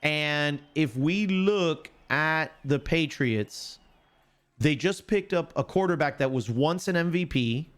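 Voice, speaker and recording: A man's voice: a little high, slow, smooth. A man hosting a casual live-stream sports show, chatting straight to his viewers and making confident, emphatic predictions.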